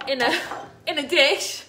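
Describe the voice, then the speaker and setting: A middle-aged woman with a high-pitched voice talks at a slow pace as she hosts an informal cooking stream from her kitchen at home. She greets her viewers by name, chats easily, and jokes about herself. Faintly in the background, there's noise from a children's game.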